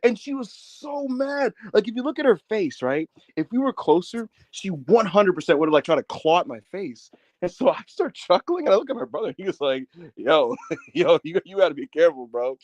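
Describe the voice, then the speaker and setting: A man co-hosting a wrestling podcast, telling stories in casual chat and loudly mimicking other fans. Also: high-pitched, a little fast, no echo. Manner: animated storyteller, loud impressions of fans. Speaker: podcast co-host. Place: in Newark.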